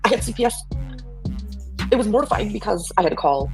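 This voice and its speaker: Woman, livestream panel, defensive, upset, fast talker, faint music. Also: mid-range voice, expressive. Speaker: livestream guest.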